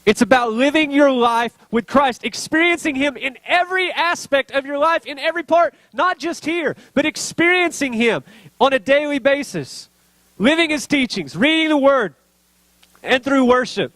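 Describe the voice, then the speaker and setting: A male pastor delivering a heartfelt sermon, his voice sitting notably high for a man. He speaks earnestly and presses harder as his feeling grows. The sound is dry and close, with no room around it. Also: lively intonation, normal speed, a bit bright, no room sound. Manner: earnest, rising to emotional intensity.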